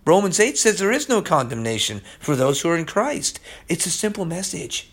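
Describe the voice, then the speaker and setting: A man's voice: sits high, expressive, moderate pace, few pauses, a bit bright, slightly rough. A man preaching a podcast sermon, urgent and pleading, who keeps repeating "listen" to his listeners. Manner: impassioned, pleading.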